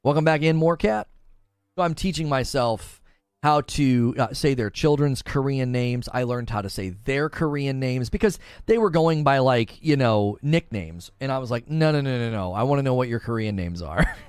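A man's voice: mid-range voice, lively intonation, normal speed, clear, resonant tone, dry recording, studio quality. A man hosting a live stream, chatting casually and reading out viewer comments with frequent laughs. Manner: chatty, laughs often, reads chat aloud. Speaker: streamer host.

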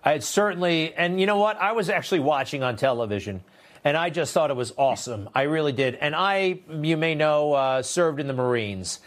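Guy hosting a tv interview, kinda high voice, gets fired up and indignant. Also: lively intonation, fairly quick. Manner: impassioned, indignant. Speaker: host.

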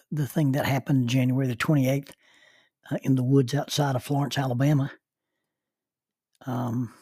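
A middle-aged male minister telling a personal story, halting and repeating words as he starts sentences. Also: medium pitch, dark tone, slightly rough, dry recording, clean studio sound.

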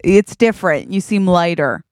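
A woman co-hosting a comedy podcast, reacting with gasps and quick interjections. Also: fairly low pitch, animated, darkish tone, no room sound, clean studio sound. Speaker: podcast co-host.

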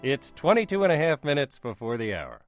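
A man's voice: mid-range voice, wildly swooping pitch, fairly quick, faint music behind. A man hosting a public radio sports program, reading intros, listener information and a wry news item. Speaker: radio host.

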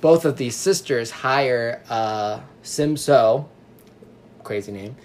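A man's voice: mid-range voice, slow pace, darkish tone. A young man casually describing his novel on a podcast, rambling with fillers and poking fun at himself. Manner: self-deprecating, rambling with fillers. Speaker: podcast co-host and author. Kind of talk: casual chat.

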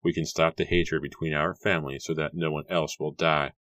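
A man's voice: extremely low pitch, little pitch movement, brisk, fairly bright tone, no room sound. A man voicing a grave, earnest young man. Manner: grave, intense storytelling. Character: earnest young man seeking to end a feud.

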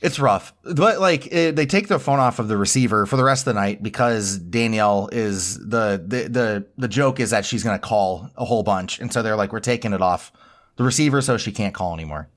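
A man's voice: lowish voice, a little fast. A man hosting a podcast, chatting casually and rambling through a reality-show recap, laughing often and acting out quotes. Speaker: podcast host.

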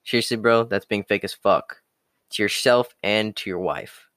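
A man's voice: lowish voice, normal speed, fairly bright tone, clear, resonant tone, no echo, clean studio sound. A young man hosting a podcast, ranting bluntly with constant swearing and mocking whiny voices. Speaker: podcast host. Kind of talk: profane motivational monologue.

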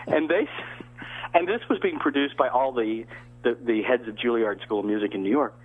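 A man's voice: medium pitch, expressive, normal speed. An older man from the American South, an actor guest telling rambling anecdotes with many restarts over a phone-like line. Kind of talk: casual interview storytelling.

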